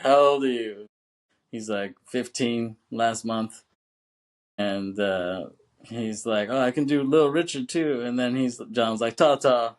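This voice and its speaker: Male podcast co-host, mid pitch, easygoing and profane, keeps saying "you know what I'm saying". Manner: chuckles through his retelling. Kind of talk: casual film recap.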